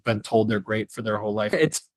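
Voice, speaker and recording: A woman's voice: a bass voice, brisk, dry recording. A woman co-hosting a podcast, talking in a casual, rambling way full of fillers. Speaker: podcast co-host. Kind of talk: casual chat.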